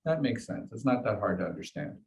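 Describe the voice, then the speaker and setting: A man's voice: on the low side, lively intonation, a little fast, creaky, a little mellow, a little hiss or hum, low-quality recording. A man leading a meditation class, explaining ideas to his students in a conversational way and often checking in with "okay?" and "right?". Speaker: meditation teacher.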